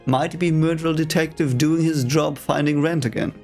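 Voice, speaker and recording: A man with a gravelly, creaky voice chats his way through a fantasy novel he is reading for the first time. His reactions are playful and joking, and faint music plays quietly underneath. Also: a little high, fairly even intonation, moderate pace. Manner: chatty, laughing asides and playful commentary.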